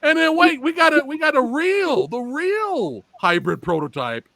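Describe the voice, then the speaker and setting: High, bright-voiced excitable man. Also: a little slow, vocal fry, no echo. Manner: loud, profane, animated storytelling. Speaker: podcast host. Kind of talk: excited casual chat.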